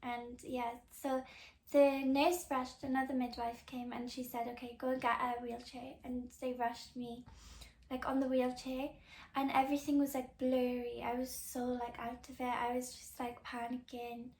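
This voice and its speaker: A young woman tells her own story on a podcast, chatty and loose with lots of filler words. Her voice sits high, with a gravelly fry at the ends of phrases. The room around her is noticeably echoey. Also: flat delivery, normal speed. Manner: chatty, many "like" fillers, soft and confiding. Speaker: podcast host. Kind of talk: casual personal storytelling.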